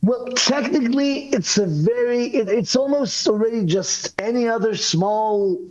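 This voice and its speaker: A high-voiced man calling in to a live show, talking in a rambling, animated way and breaking off into quick apologies. His voice sounds worn from yelling, and the call audio comes through dull and lo-fi. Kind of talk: casual debate chat.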